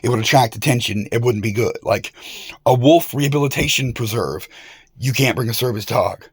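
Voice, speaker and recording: Man with a gravelly voice, rambling and confrontational, swearing a lot, dry recording. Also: medium pitch, fairly quick, no room sound. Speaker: vlogger. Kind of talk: rambling monologue rant.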